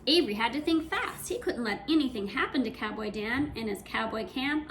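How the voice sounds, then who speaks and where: Expressive woman reading a kids' book aloud, high and animated. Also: a little fast, background noise. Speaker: reader. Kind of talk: reading a children's storybook aloud.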